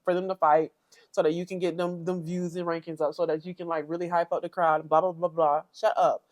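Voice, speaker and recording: A woman's voice: on the low side, level tone, a little fast, a little mellow, no echo. A young woman hosting a reality TV recap, blunt, sassy and opinionated. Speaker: commentary channel host.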